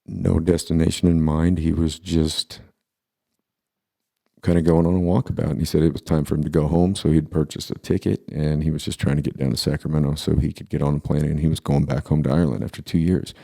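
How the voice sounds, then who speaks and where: Man, 40s, very low voice, mellow tone, casual storytelling, halting with restarts. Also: little pitch movement, creaky. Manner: halting, with many pauses and restarts.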